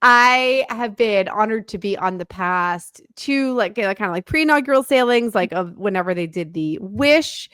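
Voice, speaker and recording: Casting: excitable woman co-host, gushes freely, dry close sound. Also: medium pitch, moderate pace, few pauses, smooth, dry recording. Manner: enthusiastic, gushing. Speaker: podcast co-host, travel agent. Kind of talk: casual chat.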